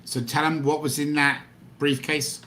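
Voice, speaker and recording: A man's voice: a little high, flat delivery, measured pace, pushed and bright, a little hiss or hum. A man hosting a livestream, prompting his guest to go on and explaining things for the viewers. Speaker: livestream host.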